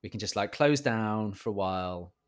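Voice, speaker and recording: A man's voice: lowish voice, normal speed, clean tone. A man in casual, rambling chat, joking and laughing often. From Britain.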